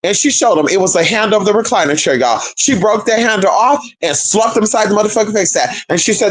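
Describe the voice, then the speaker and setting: Animated, sassy storyteller man, high and lively. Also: quick pace, hardly any pauses, low-quality recording. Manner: animated, profane, sassy, calls listeners girl and honey. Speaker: spiritual content creator. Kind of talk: casual storytelling to viewers.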